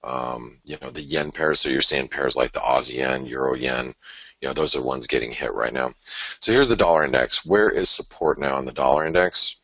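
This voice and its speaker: A man's voice: very deep voice, pushed and bright, no room sound. A man hosting a live forex chart analysis, thinking aloud in a conversational way with sighs and restarts. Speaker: forex market analyst host.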